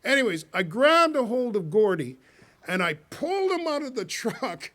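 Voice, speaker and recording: A man's voice: very high voice, sing-song, moderate pace, sharp tone. A man telling a rambling personal story to a live audience, laughing often and acting out the quotes.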